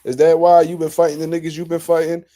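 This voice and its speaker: A man's voice: a little high, completely flat delivery, quick pace, dark tone. A man hosting casual boxing reaction commentary, ranting in a blunt, profane, incredulous way.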